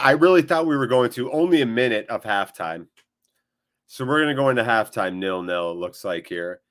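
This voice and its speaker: A man hosts a live football watchalong in a medium-pitched voice. He jumps into excitable play-by-play when the action heats up, then settles into easygoing chat with his viewers. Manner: excitable play-by-play mixed with chatty replies to viewers. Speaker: watchalong host. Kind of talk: live match watchalong commentary.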